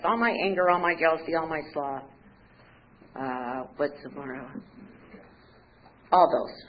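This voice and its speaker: A woman's voice: fairly low pitch, muffled recording, a little hiss or hum. A woman giving a personal recovery testimony, telling her story candidly with wry humor and acting out the conversations. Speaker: recovery speaker.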